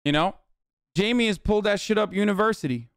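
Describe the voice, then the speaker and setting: A man's voice: sits high, fast talker, clean tone, no echo, studio quality. A man in his thirties streaming live, reacting with casual, profane commentary full of filler words.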